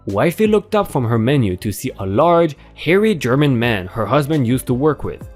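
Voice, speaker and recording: A man's voice: medium pitch, very animated, normal speed, hardly any pauses, darkish tone, faint music behind. A man hosting a story channel, reading online posts aloud with a hyped delivery.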